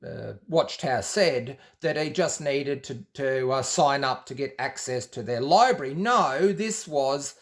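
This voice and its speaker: A man's voice: medium pitch, expressive, a little slow, few pauses. A man telling a personal story in a loose, rambling way, with many restarts and quoted exchanges. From Australia. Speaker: former Jehovah's Witness telling his story. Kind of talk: casual storytelling monologue.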